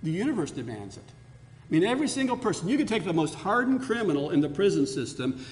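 A man's voice: sits high, sing-song, fast talker. A man preaching a sermon as pastor, earnest, and his voice rises for emphasis. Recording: long hall reverb.

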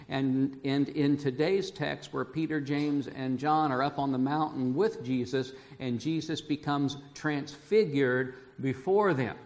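A male pastor delivers a sermon in an unhurried, measured way, his voice sitting a little higher than most men's. He talks conversationally to the congregation, chuckling now and then and doubling back on words. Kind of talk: sermon with scripture reading.

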